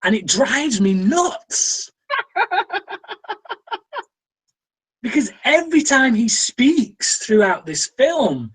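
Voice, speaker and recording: A man's voice: high-pitched, fairly bright tone, slightly rough, low-quality recording. A British man hosting a casual film review chat, opinionated and full of ums and restarts. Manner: opinionated, frequent fillers and restarts.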